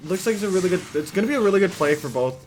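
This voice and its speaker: Lively casual male esports co-caster. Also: high voice, rapid-fire, slight background noise. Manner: casual, chatty, teasing. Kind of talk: colour commentary.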